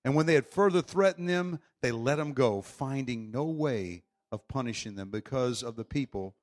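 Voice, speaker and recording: A man preaching a sermon with fervent energy, swinging from shouts to quiet storytelling. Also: mid-range voice, normal speed.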